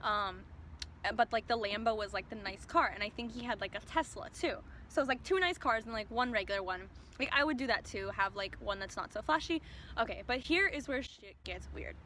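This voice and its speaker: Young woman vlogger, higher-pitched and bright, chatty storyteller who says "like" constantly. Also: expressive, fairly quick, slight background noise. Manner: chatty, peppers speech with "like". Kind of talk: casual storytime.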